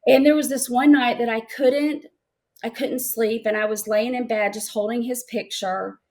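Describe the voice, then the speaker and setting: This middle-aged interview guest shares an emotional personal story in a voice on the high side, a little mellow and fairly even in intonation. Her delivery is halting, with repeated words.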